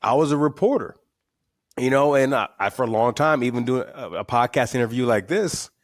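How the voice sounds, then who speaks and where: A middle-aged man, a guest author telling stories with candid, animated energy on a podcast. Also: medium pitch, fairly quick, no echo, studio quality. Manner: candid, animated storytelling with repeated words. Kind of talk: podcast interview.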